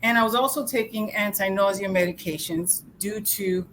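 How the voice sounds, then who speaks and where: An American woman speaks at a lecture in an earnest, personal way. Her voice sits at an ordinary middle pitch. Faint ambient noise stays in the background. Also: moderate pace, fairly bright tone, rough recording. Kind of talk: public talk.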